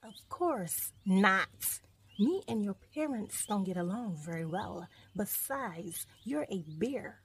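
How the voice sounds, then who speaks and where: A woman's voice: medium pitch, lively intonation, takes it slowly, slight background noise. A woman reading a children's storybook aloud and voicing a strong male wolf pack leader in a threatening, menacing manner. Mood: gruff.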